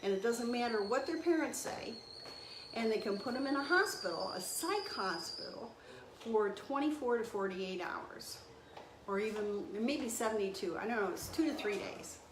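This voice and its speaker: An older woman with a slightly high voice talks earnestly to camera, growing emotional and indignant as she goes. The sound is roomy and echoey, with a faint hum of ambience underneath. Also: lively intonation, normal speed. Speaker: registered nurse. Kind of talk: impassioned monologue to camera.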